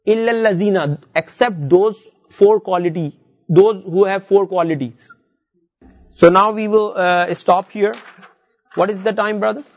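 High-voiced man teaching Arabic. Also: fairly even intonation, unhurried, pauses often, dull audio. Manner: explains step by step, repeats words, reads Arabic verses aloud. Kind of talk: classroom lesson.

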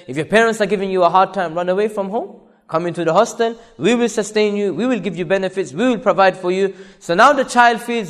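A man's voice: sits high, big-room sound. A male preacher giving an impassioned sermon to women, hammering home repeated rhetorical questions. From United Kingdom.

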